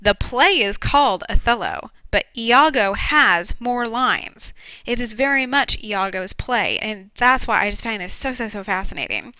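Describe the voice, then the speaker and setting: Woman teacher, relaxed lecture delivery with lots of ums; crisp, bright tone, dry close sound. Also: fairly high pitch, a little slow, no room sound, poor audio. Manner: casual, frequent ums, explanatory. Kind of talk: classroom lecture video.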